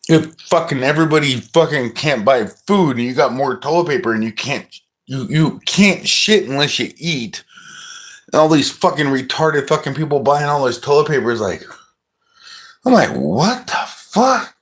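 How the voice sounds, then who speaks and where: A man's voice: medium pitch, moderate pace, a bit bright. A middle-aged man ranting profanely on a livestream, agitated and scoffing. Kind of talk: ranting monologue.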